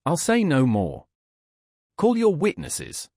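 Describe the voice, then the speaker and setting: An accused young man pours out fierce, desperate protests, his husky voice rising and falling with feeling, as a narrator reads him. The voice is lively and dry, close and without room sound. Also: on the high side, takes it slowly, no echo, voice pushed up, full character voice. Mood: impassioned. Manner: impassioned, bursting outbursts.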